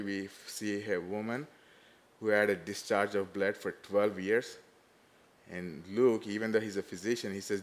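Preacher man swinging loud to hushed. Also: on the low side. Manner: animated, swings from loud to hushed, acts out quoted voices. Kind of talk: sermon.

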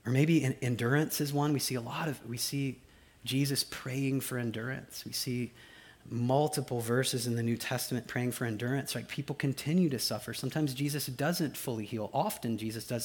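A man's voice: mid-range voice, brisk, darkish tone. A male pastor, preaching a conversational sermon and often asking "right?" and "y'all with me?". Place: church.

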